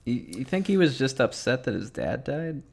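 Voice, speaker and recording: A man's voice: mid-range voice, sing-song, moderate pace, gravelly. A young man co-hosting a podcast in casual chat. He drawls and hesitates, with lots of filler words. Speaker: podcast co-host.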